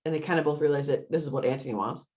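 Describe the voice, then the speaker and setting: A woman co-hosting a casual chat about a TV show, telling the story with lots of laughs and jumping high when she quotes characters. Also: very fast, darkish tone, muffled recording. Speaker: podcast co-host.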